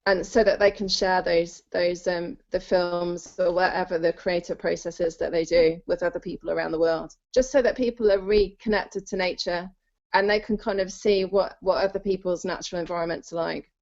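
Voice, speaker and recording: A woman's voice: lowish voice, steady tone, normal speed, a little mellow. A woman from the UK, a guest on a conference call, explaining her project at length in a chatty way. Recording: muffled call audio.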